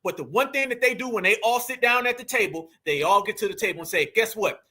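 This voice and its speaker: A commentary channel host reacts heatedly to a clip in a high-pitched, bright, pushed voice, speaking quickly with lively intonation. His tone turns preachy, and he often calls his listeners family.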